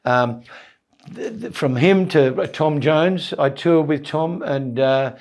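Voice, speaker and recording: An Australian man in his seventies, a comedian telling anecdotes as a guest, animated and acting out voices, with stammered restarts. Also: on the high side, slow pace. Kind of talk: anecdotal storytelling in conversation.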